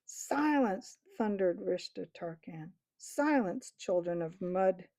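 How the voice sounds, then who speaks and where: A woman's voice: mid-range voice, expressive, unhurried, mellow, no room sound. A woman voicing a harsh, commanding male captain who thunders threats at a crowd in a storybook reading. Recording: dull lo-fi recording.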